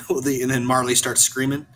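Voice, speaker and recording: Male co-host, everyday mid pitch, chatty and halting, faint background noise. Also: flat delivery, a bit bright, low-quality recording. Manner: rambling, halting, with frequent restarts. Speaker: podcast co-host. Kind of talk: casual podcast chat.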